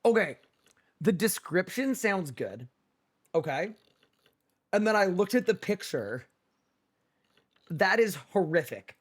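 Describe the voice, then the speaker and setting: A man's voice: high voice, very animated, slow, long pauses. Playful male game streamer. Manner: playful, incredulous banter. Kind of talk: casual livestream chat with viewers.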